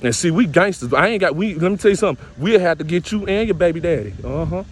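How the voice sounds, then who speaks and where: A man's voice: a little high, expressive, quick pace, a little hiss or hum. A man vlogging a casual rant to his viewers, repetitive and full of street slang.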